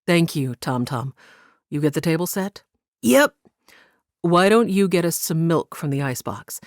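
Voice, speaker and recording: A woman's voice: fairly low pitch, expressive, unhurried, dry recording, clean studio sound. Woman doing an earnest polite young man. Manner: earnest, well-mannered.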